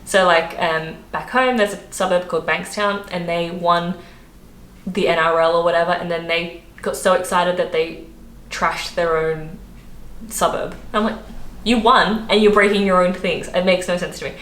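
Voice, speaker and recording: Young Australian woman vlogger, chatty and laughing, lowish voice, roomy echo. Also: fairly even intonation, normal speed, a bit bright. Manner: chatty, laughs often, many fillers. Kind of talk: casual chat to camera. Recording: echoey room, faint background noise.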